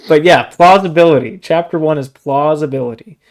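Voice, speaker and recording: A young man co-hosting a book podcast, talking in a chatty, animated way and often saying "dude" and "like". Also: on the high side, a little fast. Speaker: podcast co-host. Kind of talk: casual book discussion.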